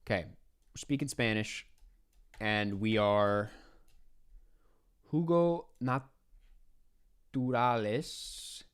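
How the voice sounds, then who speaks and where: Slow, muttering man playing a guessing game. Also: lowish voice, animated, clean tone. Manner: thinking aloud, mutters and swears at his guesses. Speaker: podcast host playing a geography guessing game. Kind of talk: casual gameplay commentary.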